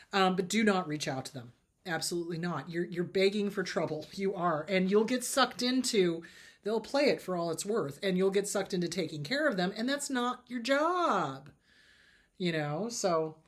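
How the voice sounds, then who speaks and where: A woman in an ordinary mid range answers viewer questions as a therapist host. She talks casually but bluntly, stressing her points and repeating advice firmly. Her voice sounds a little choked, with throat clearing. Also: mid-range voice.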